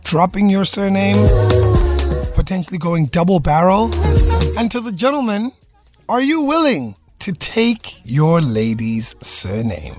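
A male radio host with a high, very lively voice that leaps up and down as he quizzes his co-hosts. He talks in an animated, playful way. A little music plays underneath. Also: unhurried. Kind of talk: casual radio chat.

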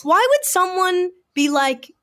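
A young woman, co-hosting a casual podcast chat and telling a long story in an animated way, full of "like". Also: very high-pitched, slow pace. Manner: animated, says "like" a lot, drops to a hushed voice for quotes. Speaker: podcast co-host.

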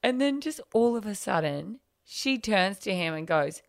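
A woman's voice: medium pitch, animated, normal speed, vocal fry, few pauses, no room sound, studio quality. A woman co-hosting a casual chat show, telling stories animatedly and acting out the quotes with giggles. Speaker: podcast co-host.

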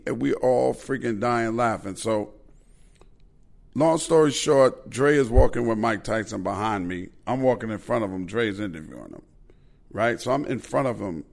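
A man, hosting a podcast and telling animated, profane anecdotes in a casual way. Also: lowish voice, normal speed, vocal fry. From Queens, New York. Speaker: podcast host. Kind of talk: casual storytelling.

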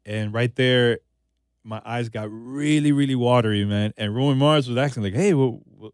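Relaxed man telling stories, dry close sound. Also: medium pitch, normal speed, clean tone, dry recording. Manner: relaxed, says "man" and "you know" often. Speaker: podcast host being interviewed. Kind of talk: casual conversational storytelling.

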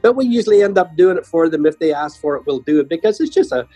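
An older man, a guest musician, telling humorous stories in a chatty, lively way. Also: on the high side, quick pace, soft background music, low-quality recording. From Ireland. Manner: chatty, humorous anecdotes with lively voiced quotes. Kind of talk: conversational storytelling.

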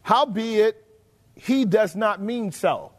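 High-voiced emphatic male preacher. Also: lively intonation, slow. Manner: emphatic, rhetorical questions to the congregation. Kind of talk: sermon. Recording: long hall reverb.

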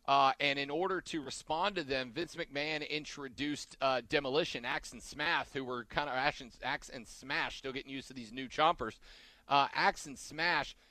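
A man's voice: mid-range voice, normal speed, bright, forceful tone, no room sound. A man hosting a casual podcast chat, rambling and backtracking mid-sentence as he talks.

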